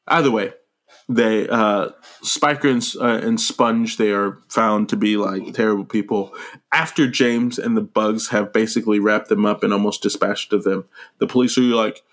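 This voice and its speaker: A man on a podcast, casually recapping a movie with lots of swearing, jumping into quick voices for the characters. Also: on the low side. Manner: animated, profane, acts out characters in quick voices. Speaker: podcast co-host.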